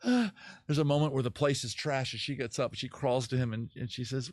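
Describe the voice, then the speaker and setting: A man hosting a casual livestream, talking in a rambling, self-interrupting way, swearing and acting out scenes in quick put-on voices. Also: mid-range voice, dry recording, clean studio sound. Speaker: livestream host. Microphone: camera mic.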